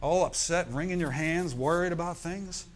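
A middle-aged man preaching to his congregation, his voice sitting a touch higher than most men's. He keeps checking in with the room, tossing in an "amen" or a "hallelujah" as he goes. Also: normal speed. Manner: preaching with call-and-response asides. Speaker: pastor. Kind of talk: sermon.

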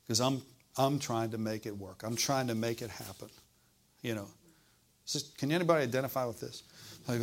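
With a gravelly, medium-pitched voice, a pastor preaches during a church service. He poses questions to the congregation and shifts between booming and hushed delivery.

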